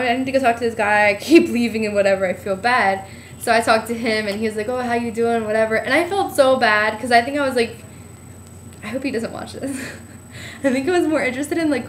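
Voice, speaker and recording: Vlogger, woman from New Jersey, higher voice, chatty, tired, faint noise behind. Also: fairly bright tone. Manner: chatty, lots of "like" and "I was like", acting out quotes. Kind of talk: casual trip-report storytelling.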